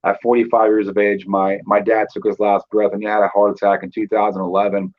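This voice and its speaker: Man in his 30s, low monotone voice, casual talk full of fillers, dull lo-fi recording. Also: fast talker. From Northern California. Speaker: guest. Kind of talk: telling his life story.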